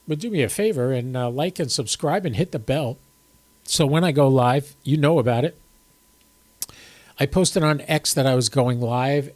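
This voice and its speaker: A man hosting an amateur radio live stream, talking casually in a chatty, joking, self-deprecating way. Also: fairly high pitch.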